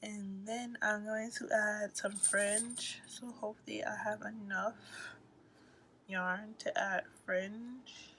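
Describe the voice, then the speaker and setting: Woman, sleepy crochet tutorial host, slow unhurried delivery, phone recording with faint room noise. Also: medium pitch. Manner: relaxed, rambling, apologetic asides, trails into whispers. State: sleepy, yawning.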